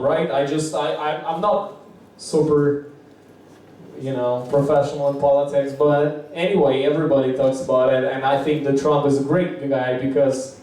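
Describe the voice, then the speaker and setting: A man doing open-mic stand-up comedy, rambling and profane, acting out quotes in high squeaky voices, in a language not his own. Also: dark tone. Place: small comedy bar. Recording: echoey room from far off.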